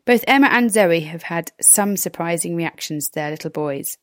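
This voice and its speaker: A woman presenter reading scripted narration in a clear, even way. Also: fairly low pitch, moderate pace, no room sound, studio quality.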